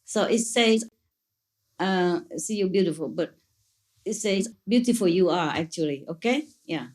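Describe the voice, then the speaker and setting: A woman's voice: fairly low pitch, measured pace, darkish tone. Woman, spiritual teacher; playful, gushing, laughs often; imperfect English. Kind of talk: answering questions at a gathering.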